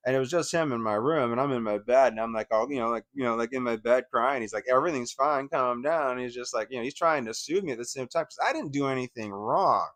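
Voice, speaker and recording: Talking fast with few pauses, a man with a mid-range, fairly bright voice shares a painful story as a channel host, with no echo in the recording. It's a rambling, emotional retelling loaded with profanity and fillers.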